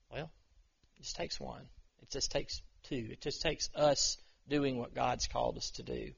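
A man's voice: mid-range voice, a little slow, creaky, breathy edge, dull audio. A man giving an informal, conversational sermon to a small church group, self-deprecating and full of restarts. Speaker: pastor.

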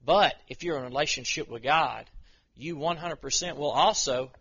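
A man preaches to a group of men in an earnest, plain-spoken way, slowing down to read scripture aloud. His voice is gravelly with a bright, forward edge. The recording is muffled and lo-fi. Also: a little high. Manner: earnest, reads scripture slowly then talks plainly. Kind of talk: informal sermon.

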